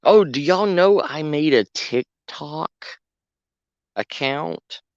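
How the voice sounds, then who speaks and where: A man's voice: a little high, lively intonation, takes it slowly, no echo, muffled recording. A man streaming a game, bantering with his chat in a joking, giggly way. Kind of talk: casual chat to stream viewers.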